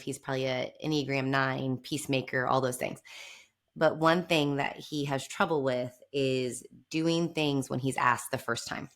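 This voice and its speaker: A woman's voice: rumbling low, a bit bright. A woman hosting a podcast interview, talking in an easy conversational way with ready laughter. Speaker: podcast host.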